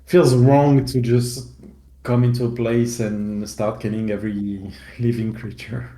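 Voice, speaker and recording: A man's voice: medium pitch, level tone, measured pace, dark tone, echoey room, low-quality recording. A man playing a tabletop game, thoughtful and planning aloud. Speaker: player.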